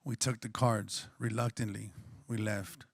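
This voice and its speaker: A man's voice: on the low side, fairly even intonation, measured pace, vocal fry, slightly rough, no room sound, clean studio sound. A man on a conference panel telling a personal story in an earnest, reflective, slangy way. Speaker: panelist and coffee shop co-owner.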